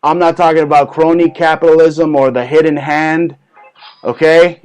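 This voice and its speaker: A male host rants in a combative, profane way, stopping to jab "okay?" and "right?" at listeners. His voice sits a bit high for a man. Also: level tone, normal speed, darkish tone, clean tone, highs cut off, faint music behind. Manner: profane, combative rant with constant "okay?" tags. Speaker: show host. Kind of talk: satirical ranting chat.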